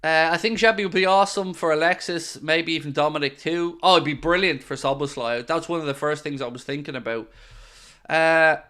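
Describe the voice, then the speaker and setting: A man's voice: a little high, fairly even intonation, fairly quick, fairly bright tone, clear, resonant tone. An Irish man hosting a football watchalong livestream, reading viewer comments aloud and joking in casual, teasing banter.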